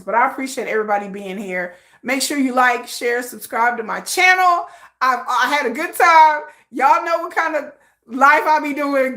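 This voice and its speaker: A woman hosting a casual livestream from home, telling a story in animated, slangy talk and acting out the voices of other people. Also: on the high side. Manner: animated, slangy, acts out quoted voices with laughs. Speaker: livestream host.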